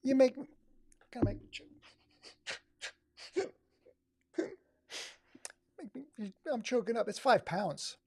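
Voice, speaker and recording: A man's voice: very high voice, takes it slowly, long pauses, dark tone, husky, dry recording. A man from Oregon hosting a live stream, giving sarcastic, exasperated running commentary. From Oregon, USA. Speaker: livestream host.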